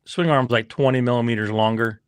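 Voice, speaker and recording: A racing team owner and father swaps stories on a podcast in a lively, profane way. He jumps into the voices of the people in his stories. The recording is close and dry, with a mid-range male voice. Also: mid-range voice, fairly quick, clear, resonant tone, dry recording. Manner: animated storyteller, acts out quotes, swears freely. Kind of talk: casual podcast chat.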